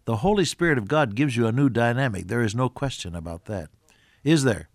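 An older man preaching a sermon in an earnest, folksy manner, asking rhetorical questions and clearing his throat now and then. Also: mid-range voice, expressive, brisk, dry recording, clean studio sound. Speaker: radio Bible teacher.

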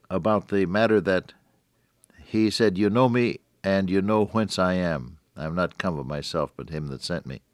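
A man's voice: low-pitched, no room sound, studio quality. An older man giving a radio devotional sermon, earnest, quoting scripture in old wording and swelling on key phrases. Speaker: radio preacher.

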